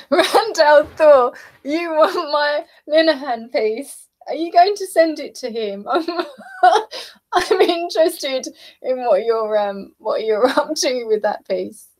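Young British woman, livestream host, unhurried friendly chatter with frequent giggles. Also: high-pitched. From southeast England. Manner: chatty, giggly, reads out comments. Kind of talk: casual chat while painting.

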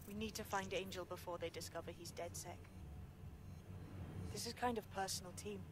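A woman's voice: mid-range voice, steady tone, lightly acted. An actress voicing a determined resistance leader briefing her team in a video game. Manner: brisk, businesslike briefing. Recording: game audio with background noise.

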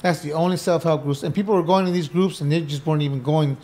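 Middle-aged guy on a podcast, kinda high voice, animated, acts out convos and cusses a lot. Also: fast. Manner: animated, acts out quoted dialogue, swears casually. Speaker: podcast guest. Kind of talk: casual interview storytelling. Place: indoor podcast room.

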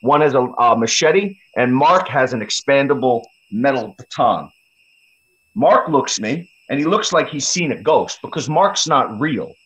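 A man's voice: mid-range voice, animated, measured pace, a bit bright. A man, a podcast guest, telling a story in a blunt, heavily profane, casual way. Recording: slightly dull lo-fi audio.

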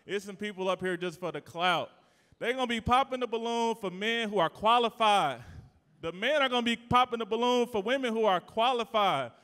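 A man hosting a live event, working the crowd in a loud, teasing, playful way with sudden shouts. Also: high voice, brisk, clear, resonant tone. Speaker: event host and emcee. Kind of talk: live hype emcee to a crowd. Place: live event venue indoors. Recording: long reverb of a big event hall.

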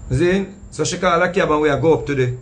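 High-voiced man with a Jamaican accent. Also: fast talker. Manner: animated, acting out what others said. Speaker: storyteller recounting a past show. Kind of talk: casual storytelling in patois.

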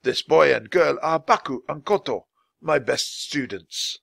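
Man voicing a calm, wise old man. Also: a little high, measured pace, creaky, no echo, clean studio sound, voice pushed up, heavily acted. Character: kind older man, small, wise, gently amused.

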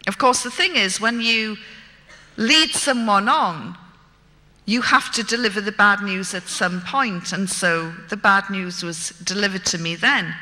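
A woman recounts a gripping personal story, vivid and self-mocking in her wit. She speaks slowly, with a strikingly bright, forceful tone. Her voice carries a long reverb, as if she were in a large hall. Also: mid-range voice. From Britain.

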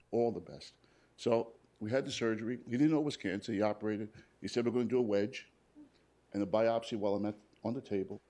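A plainspoken man, a paramedic, recounts his own story to a live audience at a hospital event. His voice sits a little low, and he keeps slipping into quoted dialogue as he retells what people told him. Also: warm tone. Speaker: paramedic and cancer survivor on a panel.

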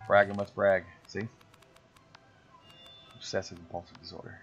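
Low-voiced joking man, muffled. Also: flat delivery, normal speed. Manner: joking, teasing, slangy, jumps into silly voices. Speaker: gamer streaming with friends. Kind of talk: casual chat over gameplay. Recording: muffled lo-fi audio with faint music.

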